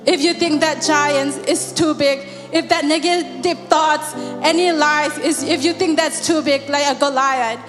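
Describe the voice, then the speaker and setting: Prayer leader, woman, high voice, fervent and repetitive, long hall reverb. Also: fairly even intonation, unhurried, hardly any pauses. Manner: repeats God after each phrase, swells into singing. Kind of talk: fervent spoken prayer in a church service. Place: church hall. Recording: long hall reverb with soft music behind.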